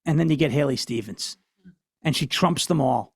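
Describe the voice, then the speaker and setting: A man with a fairly high voice hosts a political commentary show. He talks in a brash, loose, mocking way. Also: moderate pace, creaky, husky. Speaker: host.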